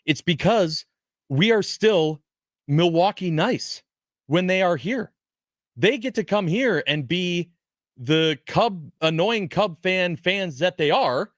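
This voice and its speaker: A man's voice: high-pitched, lively intonation, takes it slowly, dry recording, clean studio sound. A man co-hosting a sports radio show, joking and teasing in casual talk. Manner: joking, wrestling references, teasing. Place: radio studio. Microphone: studio microphone.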